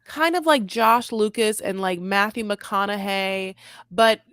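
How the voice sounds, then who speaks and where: A woman's voice: medium pitch, a little slow, a bit bright, clear, resonant tone, dry recording. Rambling woman podcast host, dry sound. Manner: rambling and gushing, with lots of "like" and self-interruptions. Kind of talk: casual chat recapping a reality show.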